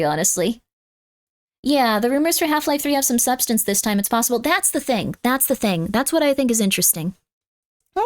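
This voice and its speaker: A chatty woman streamer with a high, light voice talks with her viewers on a close mic in a dry, dead-sounding room. She slips into cooing baby talk for her cat and throws out playful mock threats. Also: no room sound. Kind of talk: casual live-stream chat.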